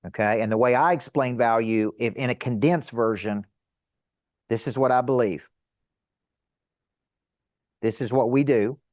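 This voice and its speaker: A middle-aged man teaching a seminar to a live audience as a sales coach, energetic and emphatic, asking rhetorical questions. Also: mid-range voice, no room sound, studio quality.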